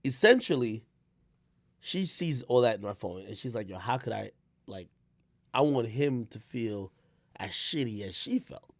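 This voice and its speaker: Animated rambling man, lively pitch swings. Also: measured pace, gravelly, long pauses, no room sound. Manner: rambling, animated, swings from low mutters to shouts; frequent stammered restarts and fillers. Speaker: streamer host. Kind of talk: casual stream commentary.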